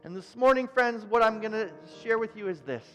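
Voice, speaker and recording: A man's voice: high voice, brisk, dull audio. A man, a pastor, preaching a sermon and telling a story, building to emphatic repeated phrases. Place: church sanctuary. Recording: church hall reverb with soft keyboard music.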